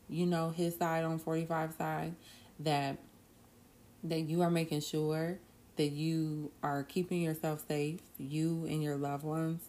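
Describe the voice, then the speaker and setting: Low-voiced woman hosting a podcast. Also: a little mellow, a little hiss or hum. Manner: earnest, drawn-out pauses, bursts of laughter. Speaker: podcast host. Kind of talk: casual solo podcast talk.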